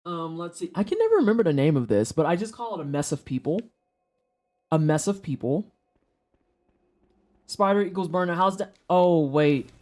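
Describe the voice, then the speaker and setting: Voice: mid-range voice, sing-song, moderate pace, long pauses, a little mellow. A streamer chatting casually with viewers during a gameplay session, swearing freely and joking around. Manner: profane, joking, talks to chat. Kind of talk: casual livestream chat while gaming.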